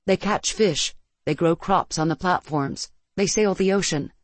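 A narrator reading a first-person science-fiction story in a steady, measured way. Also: medium pitch, no room sound.

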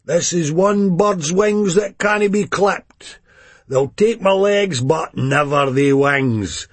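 A cocky, exuberant Scottish lad with a high, loud and showy delivery, as a male reader acts him out. His voice is husky, and it is recorded dry. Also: takes it slowly, no room sound. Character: exuberant young Scottish man, boastful addict.

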